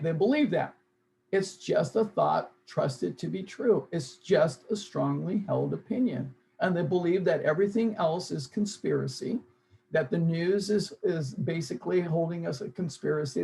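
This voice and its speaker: A man's voice: on the high side, normal speed, gravelly, a little mellow, poor audio. A man leading a self-help seminar, earnest and repeating key phrases for emphasis. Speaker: seminar leader.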